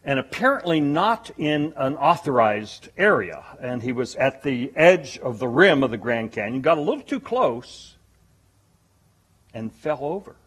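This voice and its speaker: A man preaching a sermon, storytelling with lively emphasis. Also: medium pitch, unhurried, breathy edge.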